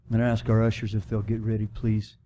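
A man preaching a sermon in church as pastor, swinging from loud emphatic preaching to soft, prayerful appeals. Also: on the low side, monotone, quick pace, slight background noise.

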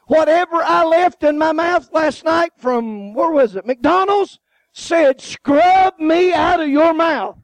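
A man's voice: very high voice, takes it slowly, no echo. A man. He tells stories with jokes and acts out the voices in them, and the recording is close and dry with no room sound. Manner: animated, joking storytelling with laughs and acted-out voices. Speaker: guest preacher. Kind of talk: sermon.

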